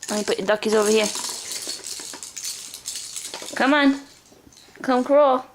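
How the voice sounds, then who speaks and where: Cooing young mother, slow baby talk. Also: fairly high pitch, creaky, noisy background. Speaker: mother filming her baby. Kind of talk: home video, talking to a baby.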